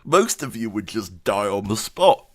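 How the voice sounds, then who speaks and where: A man's voice: lowish voice, sing-song, measured pace. A man giving a casual channel update, rambling and self-deprecating, laughing often. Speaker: YouTube creator.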